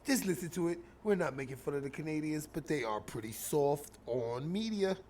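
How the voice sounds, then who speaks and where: A man hosting a casual commentary show, reacting to a clip with mocking, animated talk that swings between loud bursts and mumbles. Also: a little high, normal speed, a little hiss or hum.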